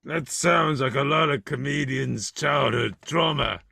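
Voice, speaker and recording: A man hosting a comedy podcast, asking questions and making deadpan jokes. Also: mid-range voice, measured pace, vocal fry, slightly rough, no echo, studio quality. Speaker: podcast host. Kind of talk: casual podcast chat.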